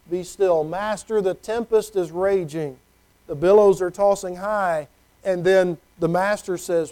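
A man's voice: high voice, warm tone, low-quality recording. A middle-aged man preaching a conversational sermon, often checking in with "okay?". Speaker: pastor.

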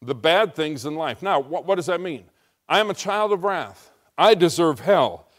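High-voiced emphatic male preacher. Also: lively intonation, moderate pace. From United States. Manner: emphatic, storytelling preacher with rising intensity. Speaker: pastor. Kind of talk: sermon.

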